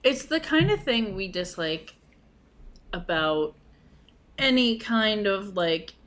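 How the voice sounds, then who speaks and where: A woman co-hosting a casual podcast chat, skeptical and quick to sum up the other host's points. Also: medium pitch, sing-song, fairly bright tone. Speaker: podcast co-host.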